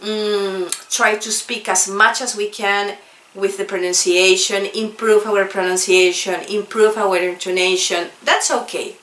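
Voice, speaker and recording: A bright-voiced woman from South America, whose first language is Spanish, teaches English in a casual video lesson. She speaks slowly at a medium pitch with a steady tone, recorded in an echoey room. She's earnest and repeats points for emphasis.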